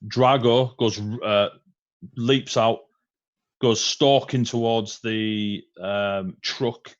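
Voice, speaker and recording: A man narrating a tabletop game as game master, relaxed and chatty, with frequent ums and laughs. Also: fairly low pitch, extremely slow, muffled recording. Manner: relaxed, laughing often, many ums and uhs.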